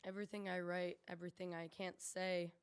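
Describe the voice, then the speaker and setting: Woman, spoken word poet, earnest, measured rhymes, cafe stage. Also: lowish voice, flat delivery, clean tone. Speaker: open mic poet. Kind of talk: spoken word poetry reading.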